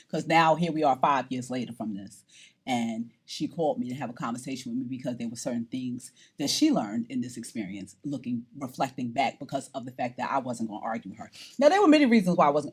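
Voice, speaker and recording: A woman's voice: very deep voice, slightly rough. A middle-aged woman from New York telling her own story in a documentary interview, theatrical and acting out the voices of people in it. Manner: animated, theatrical, acts out voices. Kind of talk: personal storytelling to camera.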